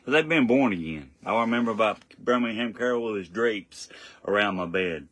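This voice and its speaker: A young man preaching an informal home sermon, earnest and repetitive, often stumbling and restarting, rising louder when he reads scripture. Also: lowish voice, animated, brisk, dry recording. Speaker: lay preacher.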